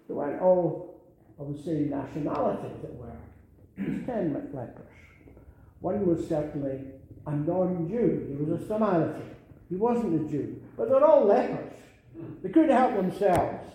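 An older male preacher with a fairly high, mellow voice delivers an earnest sermon. He repeats key phrases and swells into emphatic calls. The room around him rings with heavy echo. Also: lively intonation, normal speed, a little hiss or hum. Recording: very echoey room.

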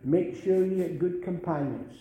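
High-voiced older man preaching in an echoey hall. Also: normal speed, warm tone, muffled recording. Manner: earnest, repeats phrases, rises to emphatic calls. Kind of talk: sermon. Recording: very echoey room.

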